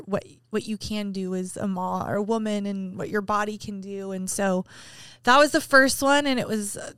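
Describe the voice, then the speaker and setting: A woman's voice: medium pitch, clean tone, dry recording, clean studio sound. A woman in her thirties co-hosting a faith podcast, telling a painful personal story candidly and with emotion. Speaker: podcast co-host. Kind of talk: casual chat.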